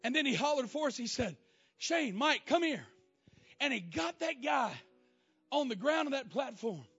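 A preacher with a very high, bright, forceful voice tells his story dramatically, swinging from shouts to near-whispers. The sound is a bit dull and lo-fi, with faint music underneath. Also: expressive, normal speed, gravelly, breathy edge. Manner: dramatic, shifting from loud exclamations to hushed, emotional lines. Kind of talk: storytelling sermon.

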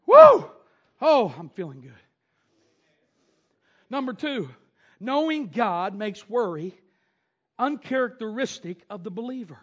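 A male pastor preaching a sermon, swinging from loud shouted bursts and whoops to quieter teaching. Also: high voice, very animated, unhurried, pauses often. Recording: dull lo-fi sound.

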